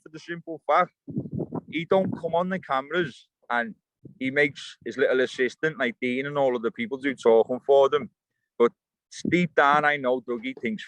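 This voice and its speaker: The poor-quality, echo-free audio catches a young man with a medium-pitched voice speaking at a normal speed. As an interview guest out fishing by the water, he's a blunt straight talker who curses freely through a heated rant.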